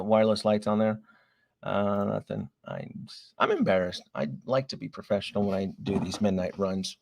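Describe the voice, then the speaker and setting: On a late-night livestream about collectible figures, a man with a fairly low, creaky voice rambles casually and thinks out loud. He apologizes to viewers whenever he slips up, and his tone stays loose and chatty throughout.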